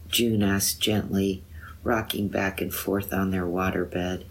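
A woman reading her own poem aloud in a measured, deliberate way. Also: rumbling low, level tone. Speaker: poet. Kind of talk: poetry reading.

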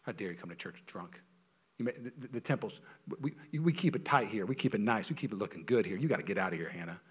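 A man's voice: on the low side, expressive, quick pace, breathy edge, long reverb tail, voice pushed down. A pastor putting on the voice of a stern old male priest who harshly scolds a worshipper. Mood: stern scolding. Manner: harsh, gatekeeping.

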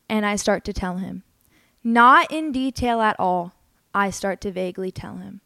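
A woman's voice: medium pitch, unhurried, vocal fry, bright, forceful tone, no echo. Young woman podcast host, earnest and candid, dry close-miked sound. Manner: earnest, candid and emotional, with many "like" fillers. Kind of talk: personal storytelling monologue.

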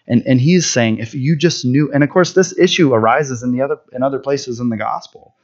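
A man's voice: mid-range voice, fairly quick, lo-fi sound. A man preaching a sermon in a conversational way, often checking in with "right?" and restarting his words.

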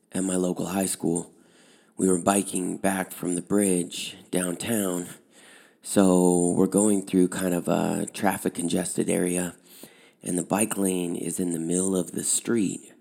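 A man who runs a high school outdoor program, telling a personal story in a relaxed, conversational way with fillers. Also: measured pace, vocal fry.

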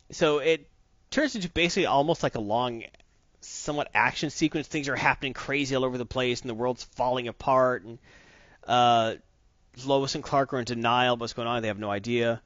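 A man co-hosting a casual comic book chat, opinionated and rambling, who slips into quick voices for the characters he describes. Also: mid-range voice, a bit bright, no room sound. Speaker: podcast co-host. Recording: dull lo-fi dry sound.

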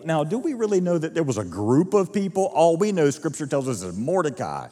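A man preaching a sermon as pastor, telling the story with lively acted-out dialogue. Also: fairly high pitch, brisk, hardly any pauses, long reverb tail. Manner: animated storytelling, acting out quoted voices. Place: church auditorium.

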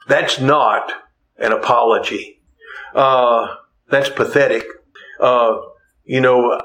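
A man's voice: medium pitch, steady tone, takes it slowly, pauses often, low-quality recording. Earnest preaching man, repeating points. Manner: earnest, repeats key phrases for emphasis; folksy asides with gentle humor. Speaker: pastor. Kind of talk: sermon.

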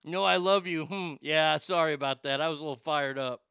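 Gravelly, bright-voiced comedy host man. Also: a little high, brisk, dry recording, clean studio sound. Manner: excitable, profane, rambling, stammering restarts. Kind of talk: crude comedic rant and prank call.

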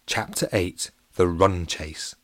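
A man narrating a children's story in a playful, animated and comic way. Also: deep voice, slow, no room sound.

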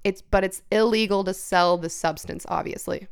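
A young woman telling a story on a podcast, animated and swearing freely as she acts out the people in it. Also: mid-range voice, moderate pace, vocal fry, smooth.

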